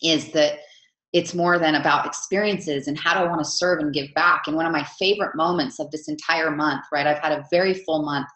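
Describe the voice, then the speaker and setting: Low-voiced woman coach, chatty and heartfelt, roomy sound. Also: fairly even intonation, brisk. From Utah, USA. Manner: chatty, warm storytelling with many "right?" asides. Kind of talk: live online coaching session. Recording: roomy echo.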